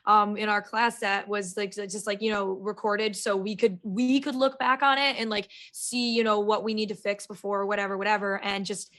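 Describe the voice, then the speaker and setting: A woman actor as a podcast guest, talking in a bubbly, energetic way full of fillers and restarts. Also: mid-range voice, moderate pace, few pauses. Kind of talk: casual podcast chat.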